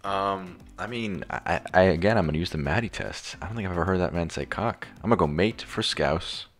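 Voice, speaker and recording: A man's voice: low-pitched, a little fast, faint music behind. An American man, a young adult, thinking aloud through quiz answers in casual, hesitant chat with many restarts. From United States. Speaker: quiz contestant.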